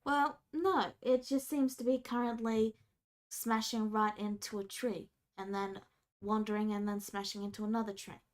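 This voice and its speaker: A woman's voice: medium pitch, fairly even intonation, normal speed. A woman narrating as game master of a tabletop role-playing game, casual and descriptive.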